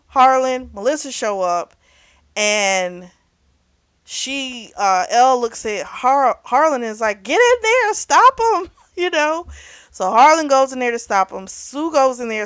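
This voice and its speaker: A woman's voice: on the high side, clear, resonant tone, no echo. A woman casually recapping a novel's plot as a book reviewer, chatty, with fillers and restarts.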